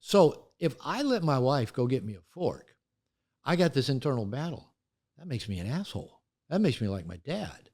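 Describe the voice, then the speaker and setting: Here the older therapist-author talks openly with an interviewer, bringing his anecdotes to life by acting out quoted speech. He has a medium-pitched voice and talks at a normal rate.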